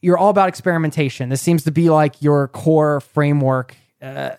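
A man's voice: on the high side, a little fast, darkish tone, clear, resonant tone, no room sound, studio quality. A young man hosting an interview, chatty and probing with light jokes. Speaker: podcast host. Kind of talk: conversational interview.

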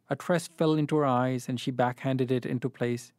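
A man reads literary fiction aloud. His narration is measured and even, at a middle pitch. The recording is dry and close. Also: no echo. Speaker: reader.

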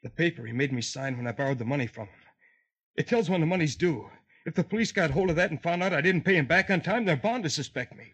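An actor playing a panicky, weak younger brother in a 1950s radio drama, frantic and pleading. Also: male voice, fairly high pitch, animated, quick pace, fairly bright tone, husky. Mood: subdued.

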